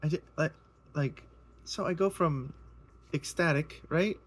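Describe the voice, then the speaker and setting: A man's voice: fairly high pitch, measured pace. Rambling, earnest man telling his testimony. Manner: rambling, repeats himself, restarts often; earnest and emotional. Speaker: speaker sharing a personal testimony. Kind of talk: casual spoken personal testimony.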